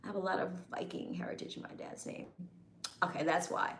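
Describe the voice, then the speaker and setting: A woman's voice: lowish voice, steady tone, fairly quick, fairly bright tone. Teasing female streamer bantering with chat, roomy echo. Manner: playful, teasing, bantering with commenters. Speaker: livestream host reading chat. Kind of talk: casual live chat.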